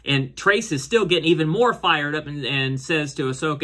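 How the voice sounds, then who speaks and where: Reviewing a TV episode in a laid-back recap, this man talks at a normal speed in an animated, pushed, bright voice. His delivery is rambling, full of fillers and restarts, and he raises his pitch whenever he voices the characters.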